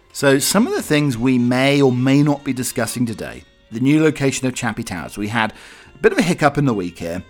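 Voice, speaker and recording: Low-pitched man hosting a podcast, meandering and hesitant, faint music bed. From Norfolk, England. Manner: rambling and hesitant, many "uh"s and restarts. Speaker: podcast host. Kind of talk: casual solo podcast chat.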